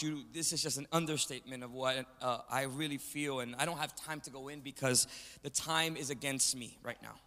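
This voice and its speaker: A guest preacher's medium-pitched voice comes across pushed and bright as he jokes with the congregation and draws responses from them. It's an energetic sermon recorded in a big, echoing church.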